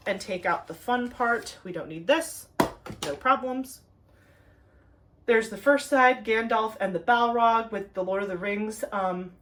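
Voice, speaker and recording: A woman's voice: medium pitch, a bit bright. Bubbly woman chatting through an unboxing. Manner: chatty and enthusiastic, gushing over details. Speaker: craft video host. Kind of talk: casual unboxing chat.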